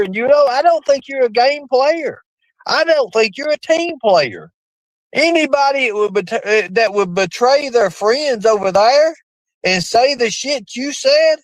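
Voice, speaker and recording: Lively, crude-talking male streamer. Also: unhurried, dry recording, poor audio. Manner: rambling and crude, with sudden pitch jumps. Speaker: livestream host. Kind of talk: profane rambling livestream chat.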